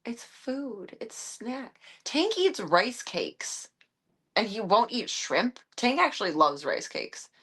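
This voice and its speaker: A woman's voice: on the high side, big pitch swings, takes it slowly, fairly bright tone, slightly rough. A woman live streamer at home, chatting casually and talking to her pets in an amused, baffled way. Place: at home with her cats and dogs.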